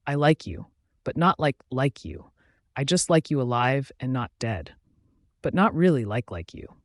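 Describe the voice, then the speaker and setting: A man's voice: mid-range voice, big pitch swings, normal speed, no echo, studio quality, close to an everyday voice. Guy doing a proud young werewolf dude, sheepish, stammers a lot, romance audiobook.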